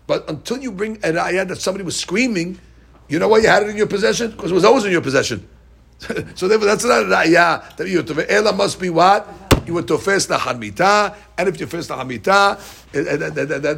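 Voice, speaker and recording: Gravelly, husky man teaching Talmud. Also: fairly high pitch. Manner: reads Aramaic slowly, explains in animated English. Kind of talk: Talmud class, reading and explaining.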